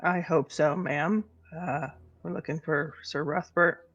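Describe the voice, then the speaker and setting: Higher-voiced man, dry tabletop player. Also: fairly even intonation, slow, fairly bright tone, muffled recording. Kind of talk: casual tabletop play.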